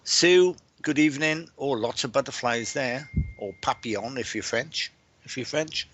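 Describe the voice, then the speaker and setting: A man from Wales who works as a medium and is hosting a livestream. He talks in a loose, chatty way, greeting viewers one by one by name. He often stumbles, repeats his words and restarts his sentences, and his voice sits at an ordinary middle pitch. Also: measured pace, a bit bright, slight background noise.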